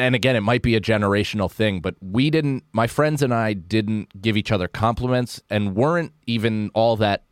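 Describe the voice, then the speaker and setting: American man, comedian guest, lowish voice, dry close mic, earnest and reflective. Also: clean tone, no room sound. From United States. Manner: reflective, earnest, casual swearing. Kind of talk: candid podcast interview.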